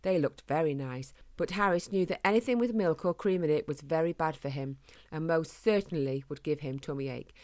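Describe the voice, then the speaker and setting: A woman reading a children's storybook aloud in a gentle, measured way. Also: deep voice.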